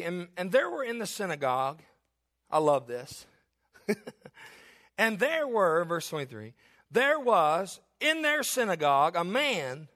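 A man's voice: high voice, a bit bright. A middle-aged male pastor preaching a sermon with emphatic repetition and joking asides.

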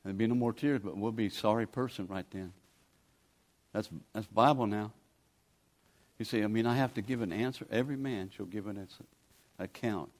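A man's voice: on the low side, moderate pace. A man, preaching a sermon in a folksy, pleading, conversational way as a guest preacher. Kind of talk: sermon with altar call.

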